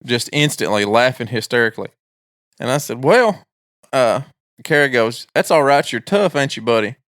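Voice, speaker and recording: A young adult man co-hosting a podcast speaks at normal speed with a medium-pitched, animated, slightly bright voice, recorded at studio quality with no room sound. In casual chat he tells stories about his three-year-old son and laughs at his own anecdotes.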